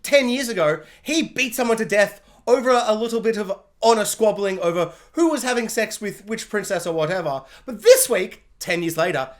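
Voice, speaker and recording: A woman giving a casual, joking spoiler review of a TV episode, animated and quick to act out characters in little voices. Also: medium pitch.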